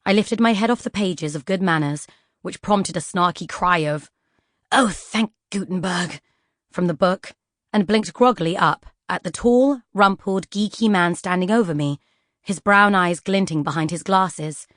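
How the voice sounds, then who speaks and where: Expressive woman reading a children's tale. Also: on the low side, moderate pace, dry recording, clean studio sound. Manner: storytelling, expressive. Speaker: audiobook narrator. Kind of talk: scripted children's book narration.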